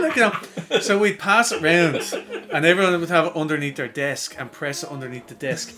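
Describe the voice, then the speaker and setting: Over background music, a young Irish man with a fairly high voice talks fairly quickly on a podcast he co-hosts. In casual chat he tells crude school stories full of swearing, laughing as he animatedly acts out the voices of the people involved.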